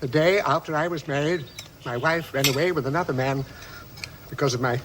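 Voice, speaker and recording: An actor doing a pompous, earnest gentleman. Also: a little high, brisk, background noise, close to an everyday voice. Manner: stiff, flowery, solemn. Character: pompous, earnest middle-aged man, devoted and easily hurt. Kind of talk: radio drama acting.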